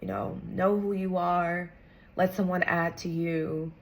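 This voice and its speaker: A woman's voice: fairly low pitch, steady tone, measured pace, vocal fry. A young woman talking earnestly to camera, encouraging viewers with casual slang. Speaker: vlogger sharing a personal story. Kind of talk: heartfelt talk to camera.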